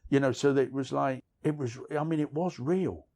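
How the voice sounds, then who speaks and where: A middle-aged author, interviewed outdoors on city streets, tells candid, rambling stories of his past, frank and self-deprecating and peppered with "you know what I mean." His mid-range voice is a little mellow, at normal speed.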